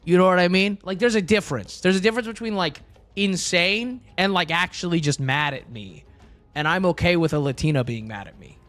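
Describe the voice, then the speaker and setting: Young male streamer, high-pitched, rambling joking chat, faint music under. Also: brisk, fairly bright tone. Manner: rambling, joking, answers chat, many fillers.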